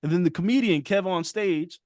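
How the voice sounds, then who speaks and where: High-pitched and brisk, a man co-hosts a podcast in a studio-quality recording free of echo. He tells a story in casual chat, dramatizing what people said and laughing frequently.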